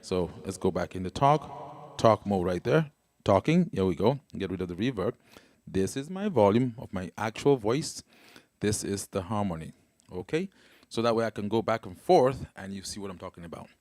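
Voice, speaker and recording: On a wireless handheld mic in a large hall, a man with a lowish, slightly mellow voice casually guides livestream viewers through a keyboard demo step by step, checking comments along the way. His intonation is lively and his speed normal, and the live product demo includes singing over keyboard music.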